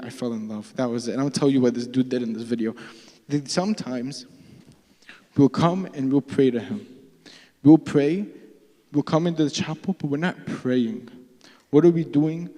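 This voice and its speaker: A young man gives a relaxed, conversational sermon with a slightly high but mellow voice. He slips into pleading, acted-out prayers as he talks. The sound comes from a live stream in a church hall with a long reverb. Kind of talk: casual sermon.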